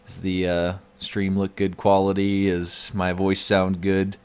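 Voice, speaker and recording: A man's voice: low voice, monotone, a little slow, smooth. A young man streaming live from home, chatting casually and reading out the chat.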